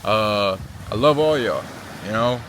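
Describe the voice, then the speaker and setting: A man's voice: on the low side, animated, unhurried, a bit bright, a little hiss or hum. A young man from Virginia Beach with an American accent talks casually to the camera as a travel vlogger. He speaks earnestly and uses slang, often tagging his sentences with "right?" and "you know?". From Virginia Beach, Virginia, USA. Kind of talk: casual vlog talk to camera.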